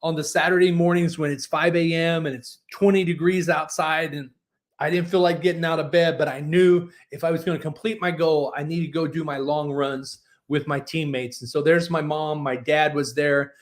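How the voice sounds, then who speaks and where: A man's voice: a little high, fairly even intonation, moderate pace. A man in his forties, a book publisher, teaching a workshop in a folksy, encouraging storytelling manner. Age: 40s. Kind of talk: motivational workshop talk.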